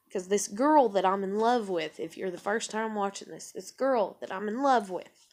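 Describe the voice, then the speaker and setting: A woman's voice: mid-range voice, unhurried. A woman talking frankly in a personal vlog, rambling and swearing freely. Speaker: vlogger.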